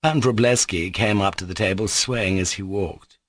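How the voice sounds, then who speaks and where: A man narrating a classic novel as an audiobook, reading in an animated way. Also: on the low side, moderate pace, no echo, clean studio sound. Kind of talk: scripted narration.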